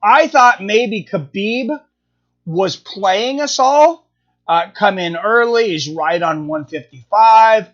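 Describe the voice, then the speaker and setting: A man's voice: sits high, slow, fairly bright tone. A man hosting a live stream, chatting casually and answering viewer comments, thinking aloud with lots of fillers and restarts. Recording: dull lo-fi stream audio.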